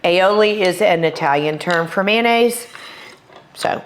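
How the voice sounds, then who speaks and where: A woman's voice: on the low side, measured pace, slight background noise. A middle-aged woman with a Texas accent hosting a cooking demonstration, chatty and enthusiastic as she walks viewers through each step. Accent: Texan. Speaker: cooking show host.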